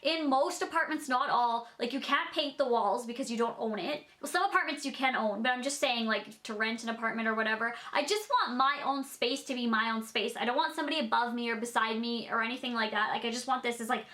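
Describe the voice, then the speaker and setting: Bubbly, bright-voiced young woman vlogger. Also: a little high, fast, few pauses. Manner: bubbly, chatty, many "like" fillers. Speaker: beauty YouTuber. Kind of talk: casual Q&A vlog.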